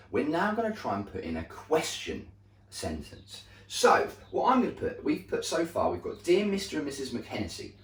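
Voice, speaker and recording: A male primary school teacher giving a slow, deliberate recorded lesson to young children, often checking in with "okay?". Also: mid-range voice, slight background noise. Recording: echoey room, voice a bit far from mic.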